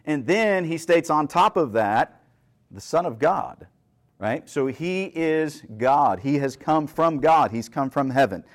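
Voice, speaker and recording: A man's voice: fairly high pitch, expressive, slow pace. A man preaching a sermon, reading scripture and explaining it conversationally, often asking the listeners questions and checking in with "right?". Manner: conversational, asks rhetorical questions, frequent "right?".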